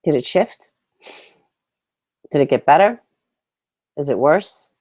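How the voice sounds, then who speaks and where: A woman teaching emotional tapping, leading slow, calm phrases for listeners to repeat after her. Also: low voice. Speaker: tapping instructor. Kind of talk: guided tapping lesson.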